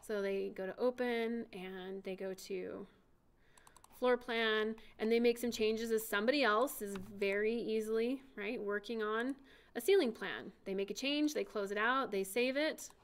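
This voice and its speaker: A woman giving a chatty software lesson, talking through each click and keystroke as she demonstrates. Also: fairly high pitch, unhurried. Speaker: CAD instructor.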